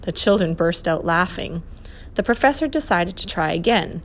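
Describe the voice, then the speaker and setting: A woman narrating a children's storybook in a clear, even storytelling manner. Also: on the low side, normal speed. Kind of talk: storybook reading.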